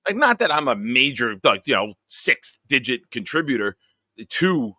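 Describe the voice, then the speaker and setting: Male stream host, bright tone, dry close mic, playful roll-call delivery. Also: medium pitch, sing-song, moderate pace, dry recording. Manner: jokey, upbeat roll call of viewers. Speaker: show host. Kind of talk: casual live-stream chat.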